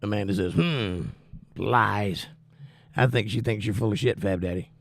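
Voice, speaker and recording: A man's voice: on the low side, steady tone, quick pace, creaky, a little mellow, no echo. A man hosting a livestream, reading viewers' chat messages aloud and answering them with wry, teasing humor. He is out of breath and coughing while he recovers from the flu. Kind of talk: casual chat.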